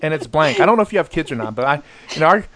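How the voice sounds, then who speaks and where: A middle-aged man hosts a podcast in a relaxed, conversational way. His voice sits a little high for a man, and he tells stories with animated energy, often restarting his sentences and acting out what other people said. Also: very fast, crowd noise. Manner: animated storyteller, many restarts and acted quotes. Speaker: podcast host. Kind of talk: casual chat.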